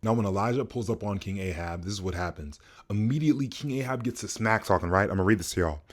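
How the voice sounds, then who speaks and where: A man casually retelling a Bible story, joking in slang and swinging his pitch widely for emphasis. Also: quick pace. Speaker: online Bible teacher.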